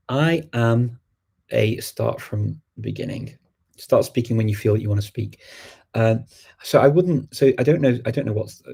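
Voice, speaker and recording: Male stream host with a warm, husky voice, chatty and full of ums, fielding viewer questions. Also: fairly low pitch. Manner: chatty, frequent ums and chuckles. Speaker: language learning host.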